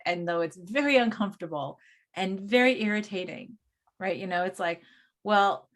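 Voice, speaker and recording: A middle-aged woman co-hosting a spiritual podcast, talking casually and musing aloud with many restarts. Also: medium pitch. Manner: rambling, restarts thoughts, muses aloud. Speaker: podcast co-host and coach.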